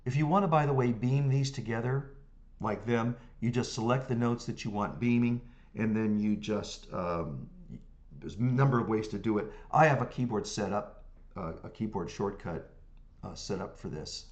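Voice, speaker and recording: Man guiding a software tutorial. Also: on the low side, normal speed. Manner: talks through clicks step by step, hums rhythms as syllables; checks in with the viewer often. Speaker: music notation software teacher. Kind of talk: screen-recorded software tutorial.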